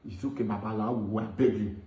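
A man's voice: on the low side, steady tone, quick pace, dark tone. A man with a Nigerian accent making earnest, pleading appeals for peace. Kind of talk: pleading commentary. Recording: echoey room.

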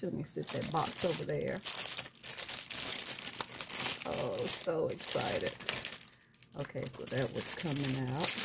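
A woman's voice: lowish voice, gravelly, background noise. A woman hosting a craft vlog from home, gushing with thanks and laughing often as she unboxes gifts. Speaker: craft channel host opening gifts. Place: at home, filming on a tripod. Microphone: camera on a tripod.

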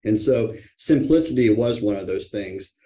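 A man hosting a church podcast in casual chat, joking around and often pausing with "uh" and restarting his sentences. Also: on the low side, expressive, warm tone. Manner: joking, with frequent "uh" fillers and restarts. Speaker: podcast host.

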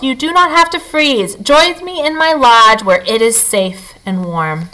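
Bright-voiced woman reading a storybook aloud. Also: medium pitch, low-quality recording. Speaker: storybook reader. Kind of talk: reading a children's novel aloud.

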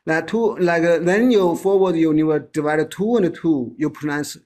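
A man whose first language is Chinese, teaching pronunciation in a casual one-on-one lesson, halting and repeating words as he models sounds slowly. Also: on the high side, a little mellow.

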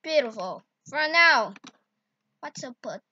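A woman guides a casual video editing tutorial in halting, broken English. Her voice is high and bright, and she speaks very slowly, with sudden excited outbursts. The sound is close, dry and a little dull. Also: a little hiss or hum. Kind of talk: casual screen-recorded tutorial. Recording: dull lo-fi recording.

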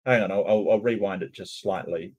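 A man's voice: fairly low pitch, a little fast, darkish tone, highs cut off. A man hosting a channel, giving casual reaction commentary in a hesitant way, with lots of stammered restarts and ums. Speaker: channel host reacting to cartoon clips.

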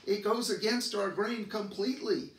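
A man's voice: normal speed, far from the mic. Earnest man doctor in a roomy echo. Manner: earnest, repeats and restarts words, bursts up in pitch for emphasis. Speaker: doctor giving advice. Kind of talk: advice talk to camera.

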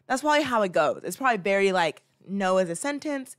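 A woman's voice: medium pitch, very animated, quick pace, few pauses. Chatty woman reacting to a clip. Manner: rambling, chatty, many fillers and restarts; playful, acts out little scenes. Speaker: host. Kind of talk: casual reaction commentary.

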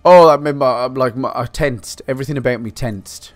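A man from Britain giving excitable, swear-heavy let's play commentary, talking to himself as he plays. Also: mid-range voice, fairly quick, faint music behind. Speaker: gaming channel host.

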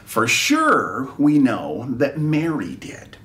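A man leading a preschool chapel, telling a story in an animated, playful way that sometimes drops to a whisper. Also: mid-range voice, slow, distant mic. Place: church.

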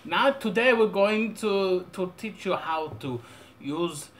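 A young man rambling through a deadpan, mock-serious audio software tutorial with absurd asides. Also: high-pitched, slow pace, slight background noise. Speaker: tutorial maker.

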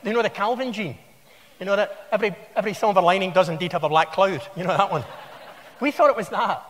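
A man's voice: high voice, fairly even intonation, fast, a bit bright, a little hiss or hum. A man in his sixties with a Scottish accent, giving a wry, anecdotal conference talk in a large hall. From Scotland. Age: 60s. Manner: wry, anecdotal, conversational storytelling. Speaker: conference speaker. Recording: long hall reverb.

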